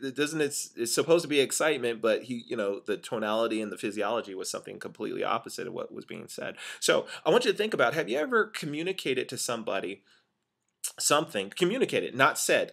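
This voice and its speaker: Gravelly-voiced man teaching casually. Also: mid-range voice. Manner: casual and animated, acts out stressed words to demonstrate tone. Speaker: sales communication trainer. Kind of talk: informal training talk.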